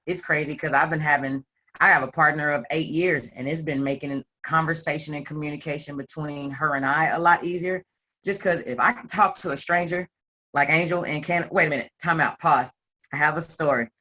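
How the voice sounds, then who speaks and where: Bright-voiced woman telling a lively story. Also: deep voice, brisk. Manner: animated storyteller, acts out quotes, playful asides. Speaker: self-employed group member sharing a story. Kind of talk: candid personal testimony to a group.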